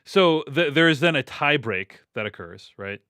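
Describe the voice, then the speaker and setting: A man's voice: a little high, expressive, moderate pace, sharp tone, clear, resonant tone, dry recording, clean studio sound. A man hosting a casual film discussion, hesitantly checking his understanding with frequent questions.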